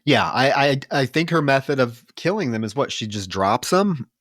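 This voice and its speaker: In a mid-range, slightly bright voice at normal speed, a very animated male podcast co-host complains about a movie, with clean studio sound and no echo. The chat is casual and profane, and he's exasperated, mocking the scenes by retelling them.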